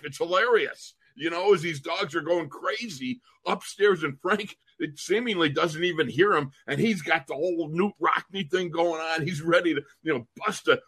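A man's voice: fairly high pitch, sharp tone, husky. A man in his sixties, a podcast co-host and former college football player, telling stories in casual chat. He laughs often and repeats words as he goes.

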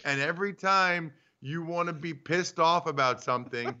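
A man co-hosting a casual sports show from home, teasing and animated, acting out little bits. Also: on the high side, normal speed, clean tone. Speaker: co-host. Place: home studio. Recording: dull lo-fi remote audio.

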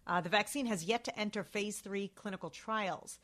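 A woman's voice: mid-range voice, moderate pace, a bit bright. A woman co-hosting a talk show, chatting about the news in an opinionated way with sarcastic asides.

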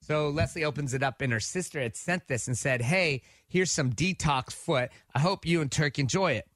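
A man's voice: on the high side, normal speed, no room sound, studio quality. A man, co-hosting a morning radio show and telling a story, acting out the quotes as he goes. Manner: animated storyteller who acts out quotes. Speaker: radio co-host.

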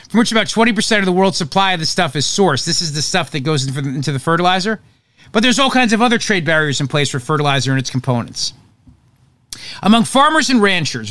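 A man's voice: high voice, sharp tone, no echo. A man hosting a talk show, giving opinionated political commentary in an emphatic, sarcastic way.

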